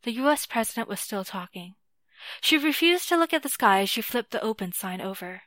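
Woman reading a novel out loud, measured, mid pitch, super dry close mic. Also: expressive, dry recording. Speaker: narrator. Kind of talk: scripted narration of fiction.

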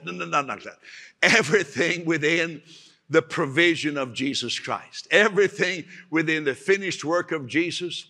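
A male pastor preaching with animated energy, his bright voice sitting a little high. He acts out other people's voices and laughs often. The sound carries a long reverb from a large hall. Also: normal speed. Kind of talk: sermon.

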